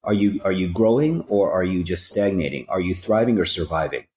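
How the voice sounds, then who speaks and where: A man's voice: deep voice, expressive, brisk, a little mellow, roomy sound. A man speaking as a podcast guest, telling stories and giving earnest, preachy life advice with rhyming catchphrases. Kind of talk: conversational storytelling and life advice.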